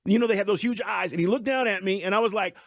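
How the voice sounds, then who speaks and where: A man co-hosting a sports talk radio show, telling stories in an animated way, on a studio microphone. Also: sits high, fast, dry recording. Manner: animated storyteller who acts out sounds.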